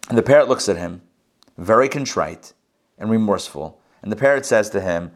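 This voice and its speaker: A man teaching a religious class, telling jokes as an animated, chatty storyteller before turning to the lesson. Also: fairly low pitch, fairly quick.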